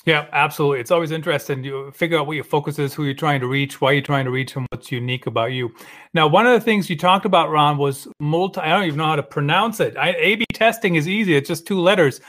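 A man with a Western European accent hosts a podcast interview. He asks friendly questions and pokes fun at himself. His voice sits a little higher than most men's. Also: quick pace, fairly bright tone. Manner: friendly, self-deprecating questioning. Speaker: podcast host. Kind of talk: interview hosting.

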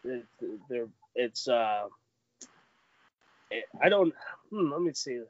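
A man telling dating stories in a casual chat, laughing often and acting out quotes in a higher voice. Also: expressive, slow, no echo. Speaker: podcast guest. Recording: dull lo-fi sound.

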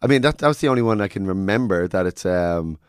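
A man, a stand-up comedian, chatting casually and telling animated stories. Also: sits low, fast, smooth, no room sound, clean studio sound. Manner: animated storyteller, acts out quotes. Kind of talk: casual chat.

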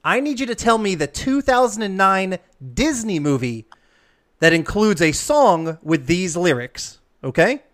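Quiz host, playful, jokey, animated pitch, mid voice. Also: unhurried. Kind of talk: upbeat quiz hosting.

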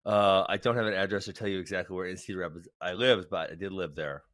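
A man co-hosting a wrestling talk show in casual chat, loose and quick to laugh. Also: sits low, fairly even intonation, fairly bright tone, no echo, studio quality. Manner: laughs often, chatty and loose.

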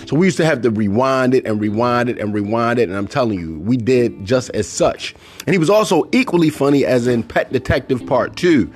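A man's voice: medium pitch, a little fast, soft background music. A middle-aged man hosting a casual solo podcast, talking animatedly and acting out movie lines. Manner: animated, quotes movie lines in put-on voices. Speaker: podcast host.

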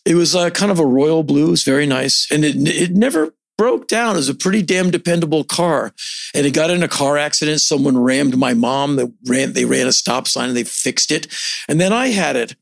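A man's voice: on the high side, expressive, fairly quick, gravelly. A man telling a casual story in a dry, wry way. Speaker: guest.

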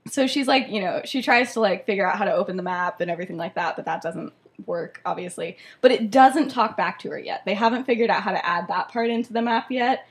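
A woman's voice: medium pitch, fast. A young woman hosting a podcast, casually retelling a story with lots of "like" and frequent laughter. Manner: chatty, laughing often, heavy use of "like". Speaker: podcast host.

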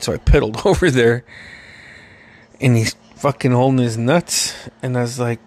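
Brief: male podcast host, gravelly voice, mid-pitched, loose and profane storytelling. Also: steady tone, moderate pace, long pauses. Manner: profane, rambling, laughing often. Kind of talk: casual storytelling.

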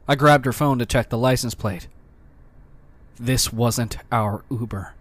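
A man giving scripted narration of reader stories in an even, measured delivery. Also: mid-range voice, no room sound.

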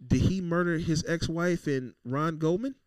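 Male podcast co-host, brash profane storyteller, slightly high voice, dry mic. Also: moderate pace, clean tone, no room sound. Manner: loud, profane, storytelling with acted-out quotes. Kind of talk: casual podcast banter.

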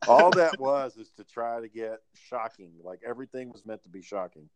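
Guy swapping crude stories with friends, mid pitch, swears a lot. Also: animated, moderate pace, crowd noise, rough recording. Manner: storytelling, profane, acts out quotes. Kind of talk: casual chat.

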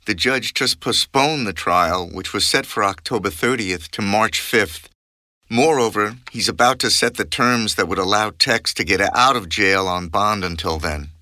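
A man co-hosting a news podcast, giving updates in a steady, informative way. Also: fairly low pitch, measured pace, no room sound, studio quality. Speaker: reporter, co-host. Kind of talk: scripted podcast conversation.

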